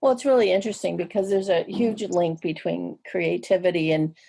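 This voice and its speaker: A middle-aged woman talks through her experiences as an interview guest. Her voice sits low with a dark, mellow warmth and a gravelly edge. She is reflective, often restarting a sentence and laughing softly. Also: steady tone, brisk. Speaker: guest, energy psychology counselor. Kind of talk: casual interview storytelling.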